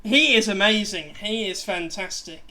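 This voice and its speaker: A man's voice: high voice, normal speed, pushed and bright. Chatty man hosting a livestream. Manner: rambling, self-deprecating, chatty. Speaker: livestream host. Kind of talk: casual chat on a gaming livestream.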